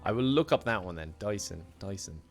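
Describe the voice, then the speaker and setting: A young man chats loosely through a game stream, laughing easily as he thanks viewers. His voice sits low with a gravelly, creaky edge, and soft music plays behind him. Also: lively intonation, fairly quick. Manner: chatty, laughs often, reads out donations. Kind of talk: casual live-stream chat while gaming.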